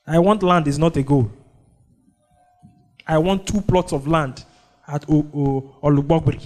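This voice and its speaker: Male pastor with a Nigerian accent and a high voice, preaching in call-and-response, with faint music underneath. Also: a little mellow. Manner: call-and-response preaching, prompting the congregation with "what?". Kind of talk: sermon.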